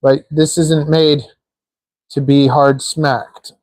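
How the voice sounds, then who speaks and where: A man's voice: a little high, flat delivery, slow pace, a little mellow, no room sound. A man hosting a live stream, chatting casually and joking while he assembles small parts, rambling with lots of filler words. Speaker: livestream host building a drone.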